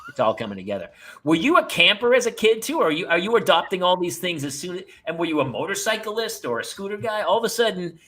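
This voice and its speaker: A male host with a crisp, bright tone keeps a casual podcast conversation going. He throws out playful, chatty questions and easy asides. His voice sits at an ordinary pitch for a man. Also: sing-song, fast.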